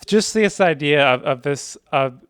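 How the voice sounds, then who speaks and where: A man's voice: on the high side, expressive, measured pace, a bit bright, smooth, no room sound, clean studio sound. A young man co-hosting a podcast, chatting casually and reflectively, often hedging his words. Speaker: podcast co-host. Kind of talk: casual chat.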